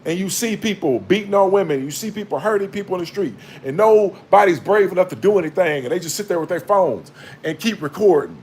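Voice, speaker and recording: A man giving a blunt, profane, preachy spiritual monologue to a low-held phone camera. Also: expressive, a little fast, a little mellow, slight background noise. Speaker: vlogger.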